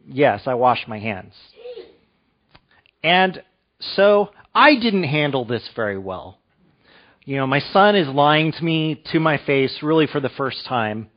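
A man's voice: mid-range voice, lo-fi sound. A man in his thirties preaching a sermon as pastor, talking conversationally and asking his listeners questions. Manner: conversational, asks the room questions.

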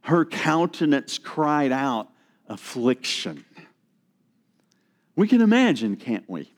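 Slow, earnest preacher man. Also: medium pitch, very animated. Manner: slow and earnest, drops to a hushed tone for emphasis. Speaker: pastor. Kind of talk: sermon.

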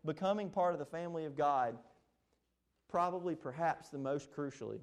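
A man's voice: fairly high pitch, darkish tone. A man, preaching a sermon in an impassioned, emphatic way. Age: 20s. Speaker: pastor.

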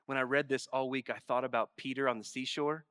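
Emphatic, bright-voiced male preacher. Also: mid-range voice, steady tone, a little fast, clean tone, dry recording, studio quality. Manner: swings from hushed, intimate asides to loud, emphatic exclamations; voices God's questions in a pleading, exasperated tone. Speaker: pastor. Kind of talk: sermon.

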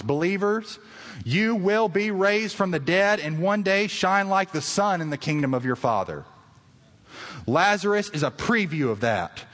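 A man pastor delivering a sermon to his congregation, earnest and rising to emphatic peaks. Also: fairly bright tone. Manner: earnest preaching that swells to emphatic highs. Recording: long reverb of a large hall.

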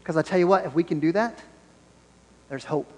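A pastor preaching a Sunday sermon in an animated style, repeating his key phrases for emphasis. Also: fairly high pitch, fairly quick, big-room sound.

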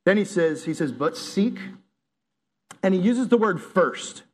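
A young man preaching a casual, lively sermon to teenagers, often saying "like" and "right?". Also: sits high, unhurried. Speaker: youth pastor. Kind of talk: youth sermon.

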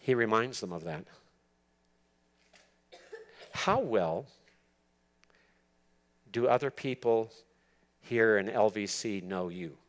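A man's voice: on the low side, lively intonation, slow pace, long pauses. A man giving an expository sermon to church leaders, earnest and emphatic, repeating words for stress. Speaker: preacher teaching church leaders.

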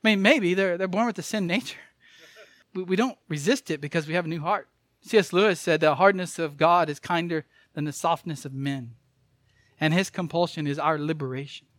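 A man's voice: on the high side, brisk, fairly bright tone, no echo, studio quality. A man preaching a sermon in an earnest, emphatic way, repeating key phrases for weight.

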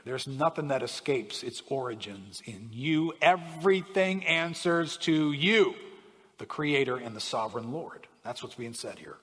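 Preaching man, husky, in a reverberant hall. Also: medium pitch, measured pace, a bit bright. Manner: preaching with emphatic rising and falling delivery, frequent "right?". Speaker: pastor. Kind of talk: sermon.

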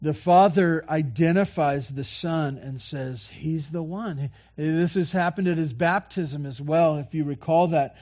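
A man preaching a sermon, earnestly repeating key phrases and moving between quiet, soft lines and louder passages. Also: fairly high pitch, a little slow, hardly any pauses. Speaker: pastor.

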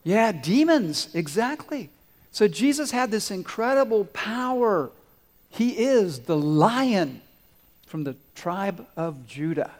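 A man leads a children's sermon in a church, his fairly high voice carried off by a long hall reverb. He quizzes the kids and waits for their answers, then tells stories with lively swings up to loud peaks. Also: takes it slowly. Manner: animated storyteller, swells loud on climaxes. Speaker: pastor giving a children's sermon. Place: church sanctuary.

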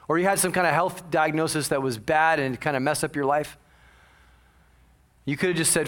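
A male senior pastor preaching a sermon in church, animated, swinging between quiet asides and loud exclamations and acting out his congregation's voices. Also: on the high side, brisk. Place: church sanctuary.

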